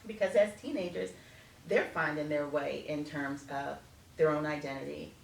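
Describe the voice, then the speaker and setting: A middle-aged woman speaking as an interview guest, an animated storyteller who acts out family conversations. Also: low-pitched, normal speed, gravelly. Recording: echoey room, distant from mic, faint noise.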